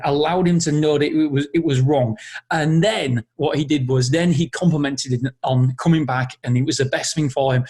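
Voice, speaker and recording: A man hosting a podcast, talking through a personal story in an earnest, emotional way. His voice sits a bit high with a husky edge, and he often stops and restarts his sentences. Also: a little mellow. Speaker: podcast host.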